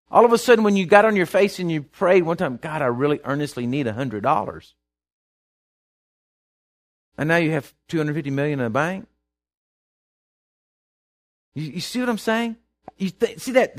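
A man preaching a sermon, often asking if his listeners follow and repeating words as he restarts. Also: high-pitched. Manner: keeps asking the congregation if they follow; acts out worried people in a hushed voice.

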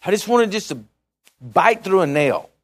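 A man's voice: sits high, big pitch swings, moderate pace. A man preaching a conversational sermon who reads scripture aloud and checks in with the congregation in short, earnest bursts with frequent restarts.

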